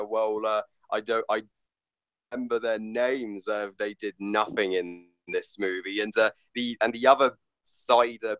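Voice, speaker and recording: A man talks through a movie review in loose, halting sentences, stumbling over fillers and restarts while swearing bluntly. His voice is smooth and resonant, and the recording is close and dry with no room around it. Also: fairly low pitch, fairly bright tone, no echo, rough recording. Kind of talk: casual movie review chat.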